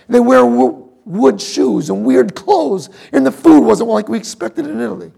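A middle-aged man preaching a sermon, telling a personal story with emotion, moving between loud emphasis and hushed asides. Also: high voice, vocal fry, slightly rough. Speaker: pastor.

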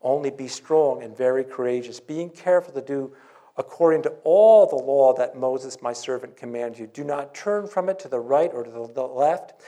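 A male pastor preaching a sermon in church, earnest, with dramatic pauses and scripture read aloud. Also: mid-range voice, warm tone.

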